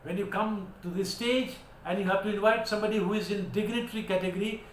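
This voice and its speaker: A man's voice: high-pitched, steady tone, quick pace, few pauses. A man with an Indian English accent teaching vocabulary, spelling words out and switching into Hindi to explain. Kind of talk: vocabulary lesson. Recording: echoey room with faint background noise.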